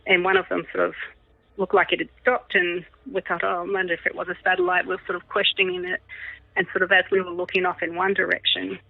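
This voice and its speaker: Excitable woman on a tinny line. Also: lowish voice, fast talker, gravelly, no room sound. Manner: animated, laughing often, acts out her kids' voices. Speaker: podcast guest. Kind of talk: telling a personal story. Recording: tinny phone-like line, dry.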